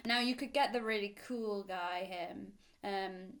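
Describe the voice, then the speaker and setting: A woman's voice: medium pitch, measured pace, a bit bright. A woman co-hosting a podcast in casual chat, rambling with fillers and frequent giggles. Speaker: podcast co-host.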